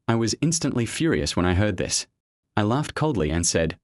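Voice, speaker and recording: A man narrating a web comic recap in a steady first-person storytelling manner. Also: lowish voice, moderate pace, dry recording.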